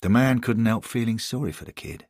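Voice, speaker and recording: A man reading a scripted story as narrator, measured and expressive. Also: mid-range voice, no room sound, studio quality.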